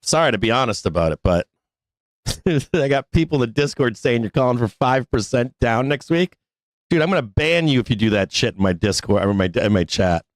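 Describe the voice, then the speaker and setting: A man's voice: medium pitch, animated, brisk, no room sound, rough recording. A man hosting a live stock market show, ranting in exasperation with frequent laughter and cursing. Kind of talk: live-stream rant.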